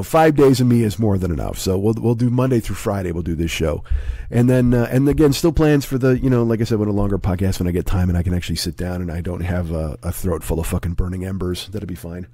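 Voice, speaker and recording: A man in his forties with a hoarse, sick voice, rambling and swearing through a casual podcast monologue at home. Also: low voice, fast talker, mellow, dry recording. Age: 40s. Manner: profane, rambling, self-deprecating. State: hoarse, sick with a sore throat. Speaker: comedy podcast host.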